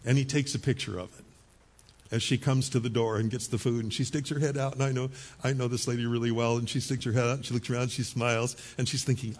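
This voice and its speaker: A middle-aged male pastor preaching a sermon in a conversational storytelling manner, with quick asides to the congregation. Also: mid-range voice, steady tone, a little mellow.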